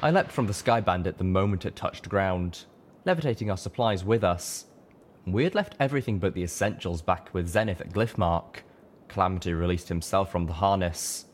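A man's voice: deep voice, moderate pace, a little hiss or hum. A man reading a fan-fiction audiobook aloud, narrating steadily in the first person.

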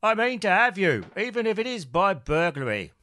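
A man's voice: high voice, very animated, moderate pace, sharp tone, pitched above the performer's own voice, heavily acted. A man doing a swaggering thief. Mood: scheming. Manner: swaggering, smooth-talking. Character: cocky male coat thief, Michael Caine impression.

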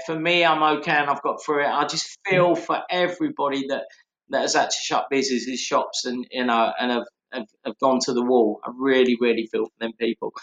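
A man in his fifties speaks haltingly and earnestly, restarting his sentences. His voice is a touch high and carries a roomy echo, as if he is calling in from a bare room. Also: fairly bright tone. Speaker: guest. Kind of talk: casual reflective chat. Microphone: video call.

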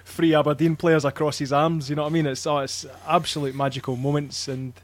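A man's voice: fairly high pitch, flat delivery, fairly quick. A man on a casual fan podcast, telling stories in a chatty way, swearing freely and filling gaps with ums. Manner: chatty storyteller, swears freely, many fillers. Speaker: podcast panelist.

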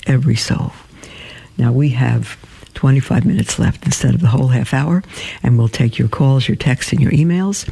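Male radio host, middle-aged, gentle earnest delivery, dark gravelly tone. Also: medium pitch, normal speed. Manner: gentle, earnest, with hesitant fillers. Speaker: host of a Catholic call-in radio show. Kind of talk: live radio talk, reading a story aloud.

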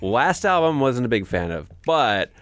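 A man's voice: mid-range voice, sing-song, unhurried, fairly bright tone. A man co-hosting a podcast, chatting casually with dry, sarcastic jokes. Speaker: podcast co-host. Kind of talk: casual chat.

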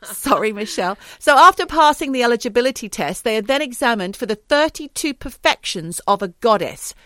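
Woman, deadpan, wry, casual podcast chat, dry close sound. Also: a little high, a little fast, no room sound. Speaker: podcast co-host. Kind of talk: casual chat, reading out facts.

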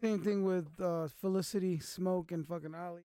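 A man's voice: high-pitched, fairly even intonation, normal speed, warm tone, dry recording, clean studio sound. A man in a casual podcast chat, blunt and swearing freely.

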